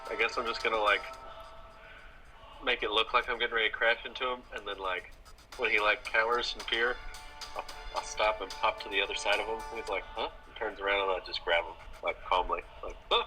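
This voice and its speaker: Quiet, hesitant man at a game table. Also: fairly low pitch, fairly even intonation, a little fast, soft background music. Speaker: player. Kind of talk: casual tabletop play.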